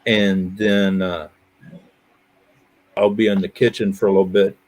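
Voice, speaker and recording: A man in his fifties hosting a live stream. He chats casually and easygoing, and he laughs his way through animated stories. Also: low-pitched, a little slow. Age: 50s. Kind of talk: casual chat.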